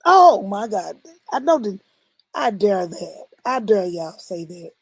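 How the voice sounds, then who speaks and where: A woman hosting a casual livestream, reacting to a skit and quizzing her viewers with lively exclamations. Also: mid-range voice, slow pace, husky, no room sound. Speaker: livestream host reacting to skits. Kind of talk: casual reaction stream chat.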